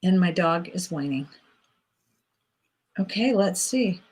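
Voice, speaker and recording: A woman's voice: lowish voice, expressive, takes it slowly, darkish tone, slightly rough. A woman co-hosting a casual livestream on a video call. She chats, laughs often and sorts out tech trouble. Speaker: livestream co-host. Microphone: computer mic on a video call.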